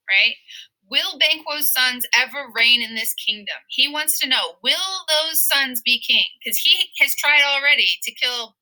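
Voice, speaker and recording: A woman's voice: high voice, rough recording. A woman teaching a literature lesson in a casual, playful way, acting out lines in silly voices. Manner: lively, playful, acts out quotes in silly voices.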